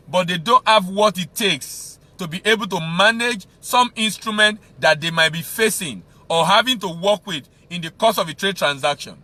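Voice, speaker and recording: A man's voice: high voice, bright, forceful tone. Emphatic Nigerian man teaching export trade. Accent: Nigerian English. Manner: emphatic, repeats key phrases for stress. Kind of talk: teaching talk on export business.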